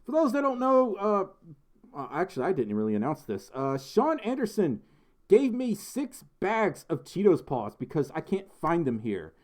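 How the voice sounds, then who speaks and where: A man's voice: sits high, wildly swooping pitch, moderate pace, a little mellow. Giggly, rambling young male streamer. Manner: rambling, giggly, lots of ums and restarts. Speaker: livestream host. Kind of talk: casual livestream chat reading viewer messages.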